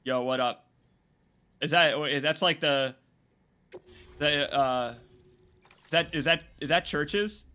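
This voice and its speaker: A young male streamer gives live gameplay commentary with a bright, forward voice. He jokes and reacts excitably, switching between talking to viewers and talking back at the game. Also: a little high, slow pace, long pauses. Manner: jokey, excitable, talks to chat and to the game. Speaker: gaming streamer.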